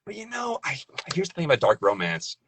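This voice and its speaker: A young adult man, a guest voice actor, chatting casually on a podcast, jokey and animated, often repeating words as he starts a thought. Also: a little high, brisk, breathy edge.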